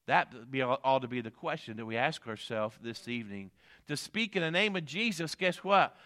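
A middle-aged male pastor preaching a sermon, building to emphatic peaks and dropping low for asides, with repeated "amen" and "guess what". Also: lively intonation, normal speed, pushed and bright.

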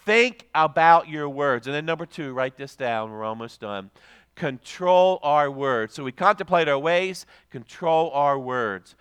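A male pastor preaching a sermon, swinging from loud rises to soft drops and reading scripture slowly and emphatically. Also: a little high, lively intonation, clear, resonant tone.

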